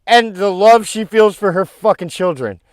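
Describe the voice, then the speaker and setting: A man's voice: high voice, lively intonation, a little slow, no echo, clean studio sound. A man hosting a livestream, jeering and laughing as he mocks the clips he plays, with frequent profanity. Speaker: livestream host reacting to clips. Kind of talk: mocking reaction commentary.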